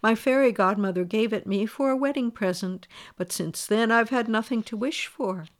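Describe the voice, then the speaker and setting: A woman voicing a storybook king who lectures firmly and reasonably, in a smooth voice. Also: on the high side, moderate pace, close to an everyday voice. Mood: tender. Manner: firm, lecturing, then tender.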